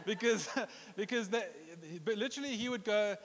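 Playfully preaching to a congregation in a church hall, a pastor jokes and puts on accents and voices when quoting. His voice sits high with a fairly bright tone at normal speed, and the recording carries long hall reverb.

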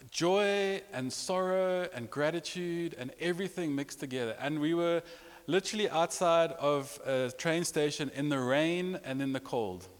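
A man's voice: on the high side, unhurried, clean tone. A man preaching a sermon, telling a personal story with repetitions and rising emotion. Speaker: pastor. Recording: long reverb of a large hall.

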